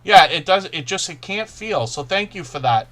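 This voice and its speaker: A man hosting a live stream, talking fast and casually, often restarting his sentences as he greets viewers. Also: high-pitched, lively intonation, bright, forceful tone. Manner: fast-talking, self-correcting, chatty. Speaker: livestream host.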